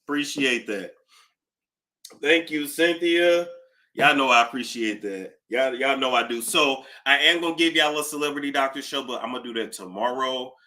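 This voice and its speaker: Chatty male livestream host with a bright, forward voice; animated and talkative. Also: mid-range voice, normal speed. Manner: animated, chatty, reading out donor thanks. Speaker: YouTube gossip host. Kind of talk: casual livestream chat.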